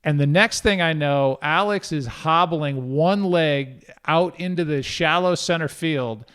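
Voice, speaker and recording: A middle-aged man, a guest broadcaster, telling a story in casual chat with a lively, self-deprecating manner. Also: fairly high pitch, a little slow, clean tone.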